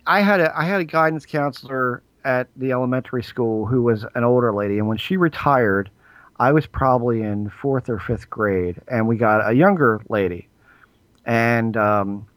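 A man, a podcast guest who is losing his voice, telling a personal story in a halting, rambling way. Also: medium pitch, no echo. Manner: rambling, halting with frequent ums and restarts. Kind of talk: casual storytelling interview.

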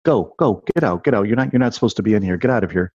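A man's voice: lowish voice, expressive, very fast, darkish tone, dry recording. A man quoting a stern woman in black. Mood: shooing. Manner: curt, repeating commands. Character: stern woman in black with an accent, shooing a boy. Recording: dull dry lo-fi recording.

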